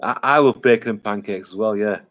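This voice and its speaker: A man's voice: fairly low pitch, fairly quick, a bit bright. A man, chatting casually on a live stream, reading viewer comments aloud and rambling with lots of fillers. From England. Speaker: vlogger hosting a live stream.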